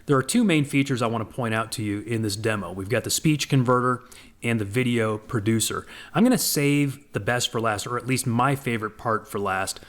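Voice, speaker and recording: Presenting software in a voice-over for a screen capture, this mid-range-voiced man moves at a fairly quick clip. He keeps it easygoing and chatty, slipping in plenty of side comments.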